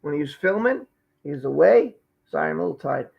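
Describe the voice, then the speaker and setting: Gravelly high-voiced man, emphatic live-stream commentator. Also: expressive, fast, highs cut off. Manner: emphatic, repeats key phrases.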